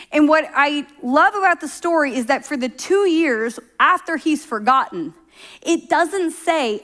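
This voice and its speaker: A middle-aged pastor from Oklahoma, a woman with a high voice, delivers a sermon conversationally, telling stories and acting out the voices she quotes.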